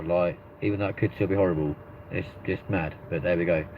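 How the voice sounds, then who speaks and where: A London-accented man with a fairly low voice hosts a live stream, rambling through loose, profanity-laced banter. The recording is muffled and lo-fi, with a faint hiss of noise behind him. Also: fast talker. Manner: rambling, swears freely. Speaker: livestream host.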